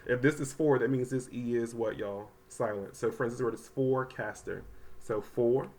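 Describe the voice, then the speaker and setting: A man teaching a third grade reading lesson to children at home, talking casually with many ums and slowly sounding out words. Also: mid-range voice, fairly even intonation, a little mellow. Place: home, voice only over the packet pages. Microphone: close mic, not seen.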